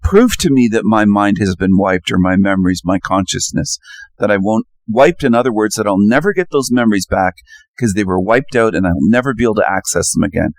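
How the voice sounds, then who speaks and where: A man's voice: fairly low pitch, lively intonation, a little fast, no room sound. A man hosting his own channel, delivering an insistent solo monologue full of challenging rhetorical questions. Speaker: channel host.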